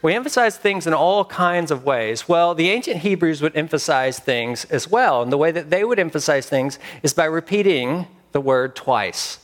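A man preaching a sermon as pastor, emphatic with dramatic pauses. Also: a little high, expressive.

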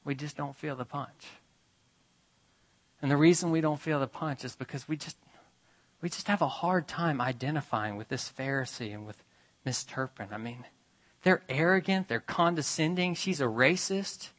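Bright-voiced male preacher telling a story. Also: on the high side, moderate pace, low-quality recording. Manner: dramatic retelling, swinging from urgent to hushed. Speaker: pastor. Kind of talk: storytelling sermon.

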